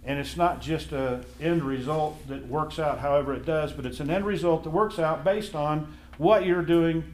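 A man teaching a Bible class in a casual, animated way, acting out the voices in his stories. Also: fairly high pitch, normal speed, roomy sound, slight background noise. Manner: animated storytelling, acts out voices in anecdotes.

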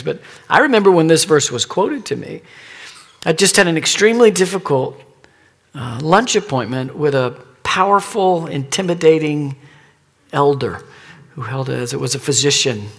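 A middle-aged pastor preaches a sermon built around a personal story, sometimes dropping into hushed, almost whispered asides. His voice is a little high and gravelly.

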